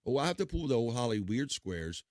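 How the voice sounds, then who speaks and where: Male stream host, casual and profane, mid-pitched, dry room sound. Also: very animated, brisk, a little mellow, dry recording. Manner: rambling, profane, joking asides. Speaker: livestream host. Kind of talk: casual chat reading live chat.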